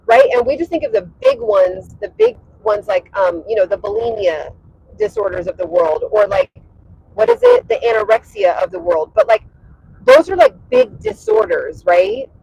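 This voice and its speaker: A woman's voice: a little high, wildly swooping pitch, normal speed, vocal fry, dark tone, dull audio, slight background noise. A woman talking casually on a livestream from her parked car, chatty with lots of fillers and laughs. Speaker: fitness and wellness creator.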